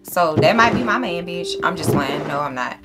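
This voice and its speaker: Over loud music, a woman with a low voice and lively intonation delivers casual let's-play commentary at a moderate pace. She's chatty and profane, speaking straight to viewers and to the animals in the game.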